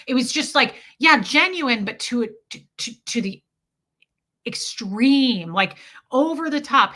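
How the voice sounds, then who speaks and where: A young woman chats on a live stream with a bright, forward tone. Her voice sits a little high. She rambles through a story, pausing to greet viewers by name. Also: animated.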